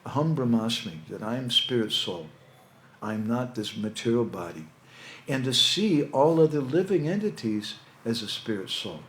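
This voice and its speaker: A monk lecturer gives a conversational spiritual talk to young people, telling stories with casual asides. His medium-pitched, sing-song voice moves at a moderate pace in an echoey hall with faint ambience and a little hiss or hum.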